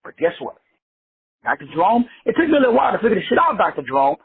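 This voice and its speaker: A man's voice: high-pitched, very animated, racing, gravelly, husky. A man from Texas teaching a group on an online call in an emphatic, preachy way, repetitive, slangy and profane. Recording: phone-like lo-fi audio.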